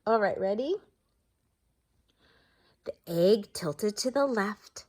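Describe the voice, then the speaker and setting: Woman teacher, reading aloud to kids, encouraging, lots of questions, slow and animated. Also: mid-range voice. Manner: encouraging, asks many questions. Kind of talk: reading a story aloud to children.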